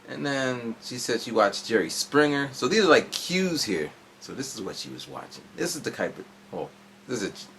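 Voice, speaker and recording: A man's voice: fairly low pitch, creaky, a bit bright, a little hiss or hum. A man in his forties telling a long, rambling story in a casual vlog from home, jumping around as he goes. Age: 40s. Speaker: vlogger. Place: at home indoors.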